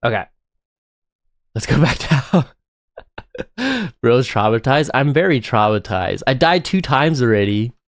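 Excitable man streaming a game. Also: mid-range voice, slow pace, long pauses, no room sound, clean studio sound. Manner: excitable, chatty, laughs often. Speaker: live streamer. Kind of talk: live gameplay commentary.

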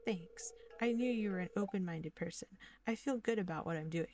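A woman reading the lines of a humble, gentle old hermit man in a video game, close to her own voice. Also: mid-range voice, a little fast, faint music behind, natural voice.

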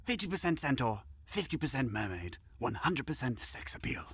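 A man's voice: medium pitch, sing-song, moderate pace, heavy background noise. A man narrating comedy sketches in a dry, mock-serious scripted style.

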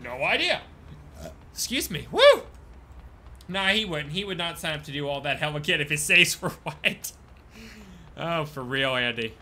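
A man giving casual live-stream commentary while playing a game, chatting with viewers and breaking into sudden excited outbursts. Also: a little high, normal speed, slight background noise. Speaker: gaming streamer.

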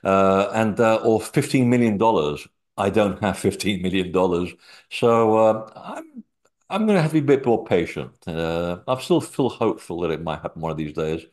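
Low-voiced man telling rambling anecdotes. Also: lively intonation, normal speed, darkish tone. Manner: rambling anecdotal storytelling with frequent fillers. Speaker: interview guest, author. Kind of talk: casual chat.

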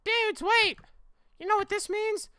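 A man voicing an excitable young friend of the hero in a strained, shrieking falsetto. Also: measured pace, dry recording, studio quality, full character voice. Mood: hyped.

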